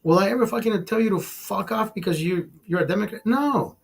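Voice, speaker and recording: High-pitched, brisk, creaky and husky, this man hosts a casual livestream. He rants emphatically and swears a lot, keeps calling his listeners brother, and repeats words as he goes.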